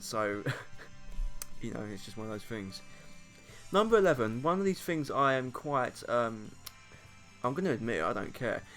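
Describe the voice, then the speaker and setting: In a casual vlog monologue, a young British man talks to camera with a mid-range, fairly bright voice. He rambles, makes fun of himself, and often laughs between his points.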